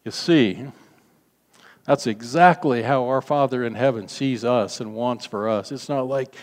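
Older male pastor, earnest testimony-style sermon, hall reverb. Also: mid-range voice. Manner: earnest storytelling, slows for emphasis, acts out quoted voices.

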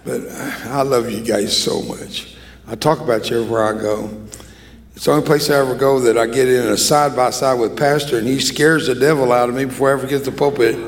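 A man preaching as a guest speaker in a church, joking and emotional, poking fun at himself between warm words to the congregation. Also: medium pitch, steady tone, quick pace. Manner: joking, emotional, self-deprecating. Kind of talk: sermon. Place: church sanctuary.

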